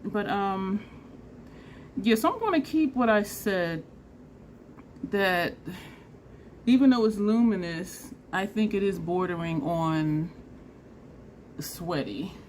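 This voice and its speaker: A woman's voice: mid-range voice, expressive, takes it slowly, long pauses, a little mellow, slight background noise. A woman chatting casually in a makeup vlog at home, laughing and trailing off mid-sentence. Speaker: beauty vlogger.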